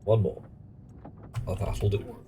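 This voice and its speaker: A man's voice: slow, noisy background. Man muttering through a game stream. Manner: muttering to himself, chatty asides. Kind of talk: live gameplay commentary. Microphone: headset.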